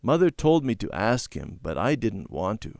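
A man voicing a slow, hesitant neighbor boy in a children's storybook reading. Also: lowish voice, very animated, creaky, a little mellow, no echo, studio quality.

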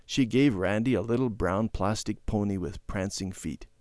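A man reading a children's Bible story aloud in a gentle, clear storytelling manner. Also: fairly low pitch, moderate pace, no echo, clean studio sound.

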